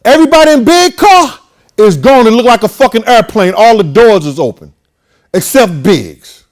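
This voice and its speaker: High, animated male storyteller. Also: moderate pace. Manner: animated, profane, acts out the voices of people in the story. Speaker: host. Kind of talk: casual storytelling.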